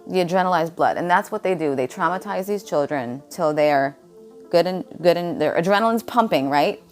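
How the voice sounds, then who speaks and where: Woman, low voice, blunt rambling vlog talk, faint music underneath. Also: moderate pace. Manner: blunt, jumps between topics. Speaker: vlogger. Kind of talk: casual rambling monologue.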